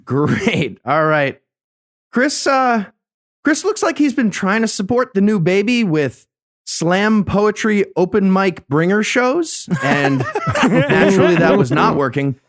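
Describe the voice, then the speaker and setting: A man's voice: high voice, big pitch swings, slow. A man telling absurd roast jokes at a live comedy show.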